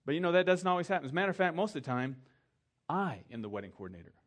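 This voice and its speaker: A middle-aged man, a pastor, preaching a sermon in a conversational storytelling way, acting out the people he quotes and dropping soft for emphasis. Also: a little high, sing-song, rapid-fire.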